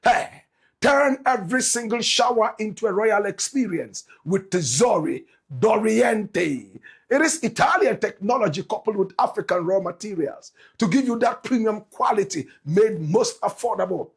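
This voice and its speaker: A Ghanaian man hosts his show in Ghanaian English with a flamboyant, preacher-like cadence, stacking phrase after phrase. His voice sits high for a man. It carries a husky, grainy edge. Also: lively intonation, normal speed. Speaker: show host. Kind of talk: energetic show intro and sponsor pitch.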